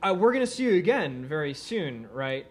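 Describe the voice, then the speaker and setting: A man with a slightly high, sing-song voice hosts a live comedic podcast from a bar at a moderate pace. He often breaks into laughter between his remarks.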